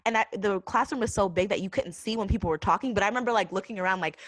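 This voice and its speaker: A woman's voice: medium pitch, rapid-fire, no room sound. A young woman from Boston co-hosting a podcast in casual chat, confident and pleasant-voiced, laughing often. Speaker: podcast co-host.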